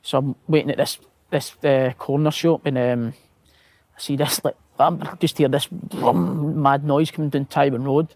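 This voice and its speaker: A man's voice: medium pitch, little pitch movement, moderate pace, a little mellow, no room sound. A Scottish man, a footballer guest, telling anecdotes with laughter, swearing and acted-out quotes. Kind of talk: casual storytelling.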